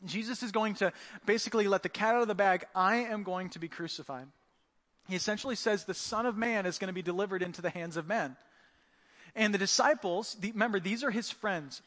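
A man preaching a sermon in a conversational, animated way, acting out voices as he tells the story. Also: sits high, brisk. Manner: conversational, animated, acts out voices of the disciples and Jesus. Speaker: pastor. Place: church. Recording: church hall reverb.

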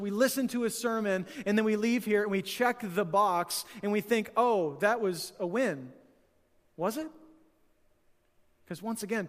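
A male pastor preaching a conversational sermon, full of fillers and repeats, swinging between loud excited bursts and quiet, earnest lows. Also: long reverb tail. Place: church sanctuary.

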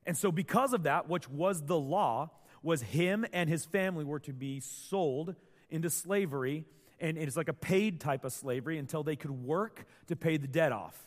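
A man delivers a sermon with lively storytelling, jumping into the voices of the people in his story. His voice sits slightly high for a man. The sound carries a long reverb, like a large hall. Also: normal speed. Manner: animated storytelling, acts out quotes. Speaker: pastor.

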